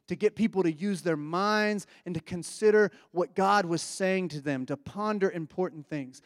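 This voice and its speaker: A man's voice: sits high, no room sound, clean studio sound. A man preaching a sermon in a conversational, reflective way, often asking his listeners questions.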